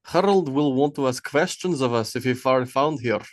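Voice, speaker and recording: A man's voice: mid-range voice, normal speed, no echo, clean studio sound, natural voice. A man voicing a worried Viking crewman with a Slavic accent in an audiobook. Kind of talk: audiobook character voice.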